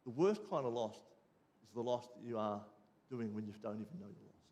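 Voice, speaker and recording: An Australian man preaching, telling a personal story with lively ups and downs before dropping quiet and low for the lesson. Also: a little fast. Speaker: pastor. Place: church.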